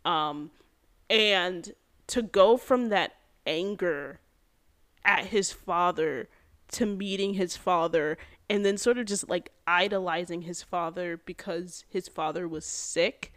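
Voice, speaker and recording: A woman hosting a podcast, recapping a TV episode in an animated, casual way with many fillers and quick bursts. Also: lowish voice. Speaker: podcast host.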